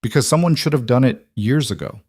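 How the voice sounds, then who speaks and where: A man voicing a steady, protective husband who speaks calmly and reassuringly. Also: medium pitch, fairly quick, husky, no echo, clean studio sound, pitched above the performer's own voice, lightly acted. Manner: calm, reassuring.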